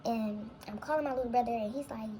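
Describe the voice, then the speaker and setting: A woman's voice: on the high side, quick pace, mellow, a little hiss or hum, rough recording. A young woman, a vlogger, telling a long personal story in a casual, rambling, reflective way full of fillers. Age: young adult.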